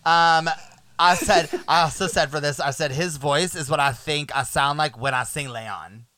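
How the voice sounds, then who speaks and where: A man hosting a music podcast, chatting casually in a playful, animated way that often trails off quietly. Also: on the high side, moderate pace, no room sound. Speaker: podcast host.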